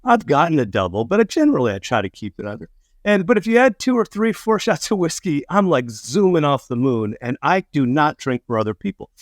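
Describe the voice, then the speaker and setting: A middle-aged man, a comedian, casually telling drinking stories, swearing and self-mocking, acting out quotes with sudden high voices. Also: very animated, fairly quick, no room sound, studio quality. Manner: swearing, self-mocking, acts out quotes with big pitch jumps. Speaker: podcast co-host, comedian. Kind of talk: casual storytelling chat.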